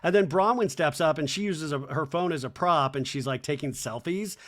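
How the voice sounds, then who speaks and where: A man hosting a comedy podcast, recapping a reality show in a casual, animated way and mimicking the cast in quick put-on voices. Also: fairly high pitch.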